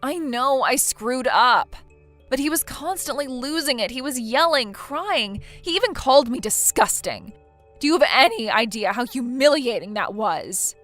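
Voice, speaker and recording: A woman's voice: sits high, expressive, normal speed, fairly bright tone, faint music behind. A woman voicing a self-pitying young wife in a text-message story, pleading and defensive.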